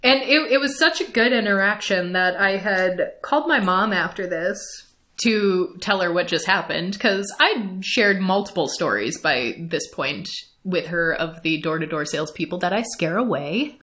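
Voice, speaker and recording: A woman vlogger telling stories in a casual storytime vlog. She talks in an animated way and laughs often. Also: fairly low pitch, moderate pace.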